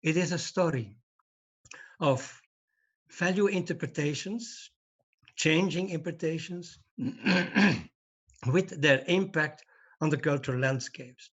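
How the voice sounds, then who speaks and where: An older man giving a formal conference talk over a video call, speaking in a measured, deliberate way. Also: a little high. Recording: dull lo-fi video call audio.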